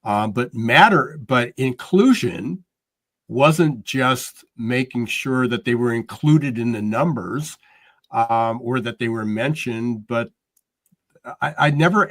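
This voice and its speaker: Halting, rambling male podcast host. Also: mid-range voice. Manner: rambling, halting, many fillers and restarts. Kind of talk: podcast interview.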